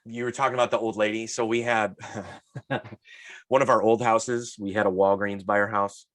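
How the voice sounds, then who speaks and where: A man co-hosting a podcast, telling stories in casual chat with lots of swearing and lively retellings. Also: fairly low pitch, normal speed, no room sound. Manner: profane, animated storyteller. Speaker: podcast co-host.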